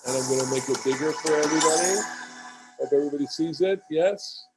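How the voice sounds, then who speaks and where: A man teaching a class in a halting, digressive way. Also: on the high side. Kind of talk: casual class lecture.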